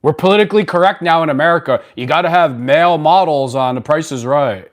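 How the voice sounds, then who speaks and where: A man's voice: on the high side, quick pace. A man hosting a casual live stream, answering viewer comments in a blunt, rambling way, often restarting his sentences. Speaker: livestream host.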